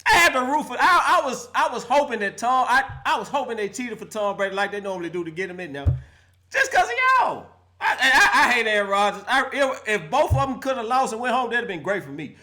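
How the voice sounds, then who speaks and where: Animated, bright-voiced man hosting a live sports roast. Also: extremely high pitch, a little fast. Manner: animated, laughing, mock-preacher call-outs. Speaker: host of a live call-in sports show.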